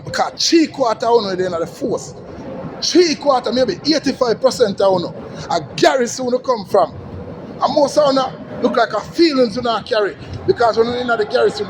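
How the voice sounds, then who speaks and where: A man's voice: sits high, background noise. Fired-up Jamaican man ranting. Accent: Jamaican Patois. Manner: heated, cursing, repetitive, preaching to listeners. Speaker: social media commentator. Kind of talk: angry rant.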